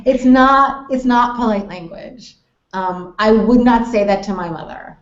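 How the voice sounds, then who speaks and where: An American woman teaching English conversation, explaining clearly and acting out example phrases with exaggerated tone. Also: fairly high pitch, a little slow. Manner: friendly, explanatory, models phrases with exaggerated intonation. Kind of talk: online English lesson hangout. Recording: roomy, dull web call audio.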